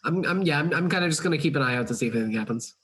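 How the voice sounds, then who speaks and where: A man with a fairly high voice talks quickly as a tabletop game player. He stammers and restarts as he works out what he wants to do. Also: lively intonation, a bit bright. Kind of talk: casual tabletop game play.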